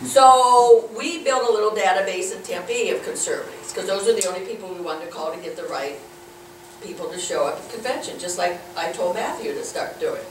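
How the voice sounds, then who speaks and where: A woman's voice: mid-range voice, a little fast. A woman speaking to a group about organizing, informal and fervent, acting out what others said. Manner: animated, fervent, acts out quotes. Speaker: local political organizer speaking at a meeting. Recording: echoey room, mic far off, faint noise.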